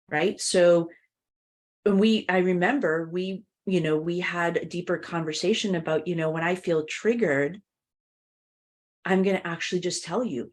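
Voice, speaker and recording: A woman's voice: on the low side, unhurried. A woman podcast host sharing personal experiences in a reflective, open way, often saying "you know".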